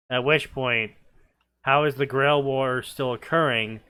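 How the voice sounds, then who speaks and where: A man's voice: mid-range voice, sharp tone, clean tone. A man reading fanfiction aloud and breaking off into sarcastic, nitpicking commentary, often stammering as he restarts his sentences.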